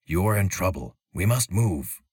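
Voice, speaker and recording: A man voicing a stern, furred male forest archer in a storybook reading, low and gravelly, speaking in short commands. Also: expressive, normal speed, a little mellow, dry recording, studio quality, full character voice. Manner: terse, commanding.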